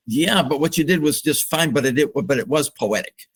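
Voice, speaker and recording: An older man, a psychologist guest on a podcast, speaking slowly and reflectively with open emotion. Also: on the high side, husky. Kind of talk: podcast interview.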